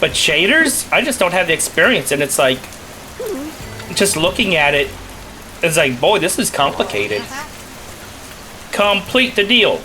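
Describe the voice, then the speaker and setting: A man's voice: a little high, big pitch swings, normal speed, background noise. A young man casually commenting while he plays a video game, rambling and joking with playful asides. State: recovering from a cough. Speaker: gaming channel host. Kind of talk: casual let's play commentary.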